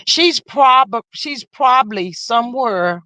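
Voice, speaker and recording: A woman's voice: on the high side, expressive, slow, bright, forceful tone, no room sound. A woman hosting a casual live stream, talking straight to her viewers and reading out the chat in a folksy, chatty way.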